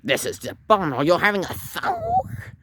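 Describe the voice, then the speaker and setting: A man's voice: high voice, huge pitch swings, normal speed, sharp tone, a little hiss or hum, heavily acted. Man playing a melodramatic jilted young guy. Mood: indignant. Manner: wounded, melodramatic. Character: hurt, dramatic young man Urkel. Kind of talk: amateur comedy skit acting.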